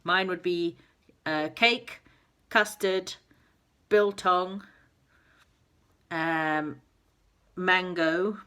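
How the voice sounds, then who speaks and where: A woman's voice: fairly low pitch, very slow, pauses often, pushed and bright, clean tone. A woman reading a children's storybook aloud and chatting affectionately to young listeners. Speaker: reader of children's stories.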